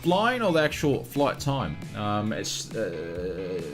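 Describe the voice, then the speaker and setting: A man's voice: fairly low pitch, huge pitch swings, slow pace, soft background music. An Australian man live-streaming a flight simulator, chatting casually and greeting viewers by name.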